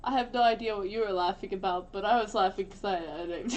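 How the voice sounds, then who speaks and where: A woman's voice: medium pitch, quick pace, darkish tone. A woman on a live stream, playful and easily distracted, working through Japanese words in casual chat.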